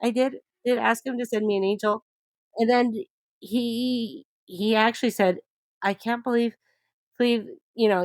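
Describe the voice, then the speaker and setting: A woman guest telling a personal story in an interview, animated and often laughing as she talks. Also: fairly high pitch, dry recording.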